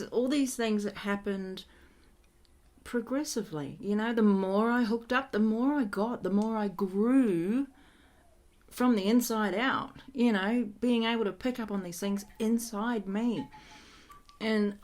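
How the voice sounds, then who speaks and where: A woman's voice: mid-range voice, darkish tone. A woman who works as an energy healer, telling a personal story in a casual, frank way and laughing often.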